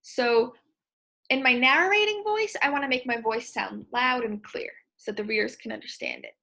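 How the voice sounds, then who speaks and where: A woman teacher explaining and demonstrating expressive reading aloud in a reading lesson. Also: fairly high pitch, moderate pace, gravelly.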